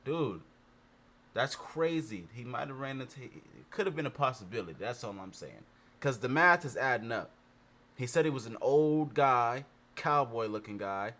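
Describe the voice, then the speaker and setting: A man with a mid-pitched voice talks casually, rambling and repeating himself while he thinks things through aloud. He swears often, in a loose conversational way. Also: expressive, normal speed, a bit bright. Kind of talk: casual chat.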